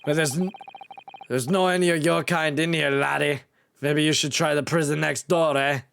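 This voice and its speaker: A man's voice: fairly high pitch, fairly even intonation, moderate pace, vocal fry, a bit bright, smooth, no room sound, clean studio sound. A man voicing a burly, blustering male prison governor in a put-on Glaswegian Scottish accent while playing a game. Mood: scornful.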